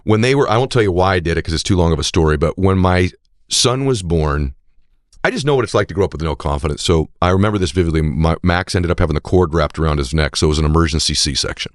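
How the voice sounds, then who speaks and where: Man w a super deep voice telling a personal story, dry close sound, gets all soft and whispery. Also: fast, dry recording. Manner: intense, swings to soft whispered tenderness. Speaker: guest speaker on a played clip.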